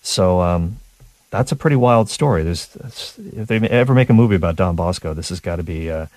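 A male radio host tells a story in a low-pitched voice, chuckling now and then and restarting his sentences as he gets caught up in it. The studio sound is dry and close, with no room echo. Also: expressive, fairly quick, a little mellow. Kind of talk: casual storytelling on talk radio.

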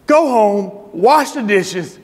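A man's voice: high-pitched, animated, slow, exaggerated voice. A man voicing his blunt, straight-talking older father who scolds people plainly, heard with a long hall reverb.

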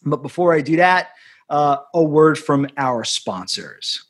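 A chatty man hosts a relaxed hockey podcast. His voice sits a little high for a man, and he jokes and rambles in a casual way. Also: a little slow. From United States. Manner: chatty, joking, self-described hard accent. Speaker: podcast host.

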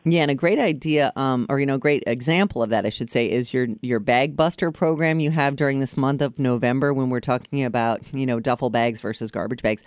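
A man's voice: mid-range voice, brisk, hardly any pauses, clear, resonant tone, dry recording, studio quality. A man hosting an interview, chatting in a friendly, rambling way with fillers. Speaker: interviewer host. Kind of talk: casual interview chat.

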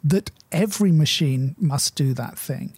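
Wry, long-winded man with a husky voice. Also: fairly high pitch, expressive, a little slow, darkish tone, no room sound. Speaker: podcast host. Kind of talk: explanatory conversational talk.

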